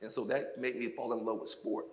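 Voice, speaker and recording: A man from South Mississippi, a former football player, giving an animated testimony on a church stage, laughing often as he tells stories. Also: medium pitch, a little fast. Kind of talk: onstage interview testimony. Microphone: handheld microphone.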